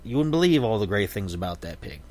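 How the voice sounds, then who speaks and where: A proud old farmer spins out his boasts in a slow, folksy drawl, as a man puts him on. His voice sits fairly low. He is storytelling, and he never hurries. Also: big pitch swings, darkish tone.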